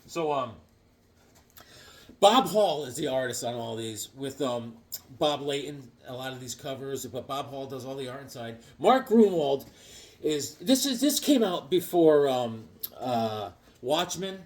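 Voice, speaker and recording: A man casually recapping a comic book story, animated and storytelling, acting out the characters. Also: mid-range voice, a little slow. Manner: frequent fillers and restarts.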